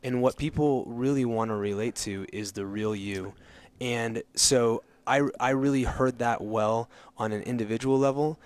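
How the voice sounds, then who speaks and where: A man co-hosting a live online show, talking earnestly in casual chat. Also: fairly low pitch.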